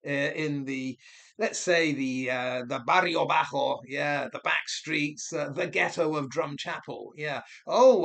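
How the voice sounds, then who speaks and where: A commentary channel host with a somewhat high, fairly bright voice delivers a solo monologue. He's mocking and sarcastic, firing off rhetorical questions, and rambles while often stopping to correct himself mid-sentence.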